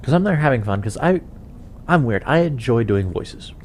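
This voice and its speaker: A man's voice: medium pitch, lively intonation, moderate pace, a little hiss or hum. A young man chatting casually while playing a game, rambling with chuckles and lots of fillers. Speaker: gaming channel host.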